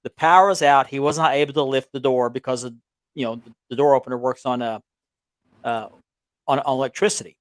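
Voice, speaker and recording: A man's voice: medium pitch, steady tone, fairly quick, smooth, no room sound, studio quality. A man co-hosting a collectors' chat show, telling a rambling story over a remote call, with frequent restarts and chuckles. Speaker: belt collecting show co-host. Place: small town home. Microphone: remote call with audio delay.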